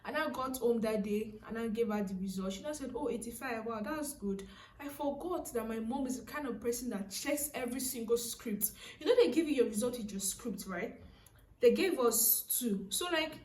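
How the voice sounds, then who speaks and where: A young Nigerian woman talks to camera with a fairly high voice, chatty and animated, leaning on "so, like". Her voice sits a little back from the mic, and the room rings around it. A faint hum lies under everything. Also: echoey room, recorded from a distance. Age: young adult. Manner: chatty, animated, laughing, frequent "so, like". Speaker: vlogger. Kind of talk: casual storytime.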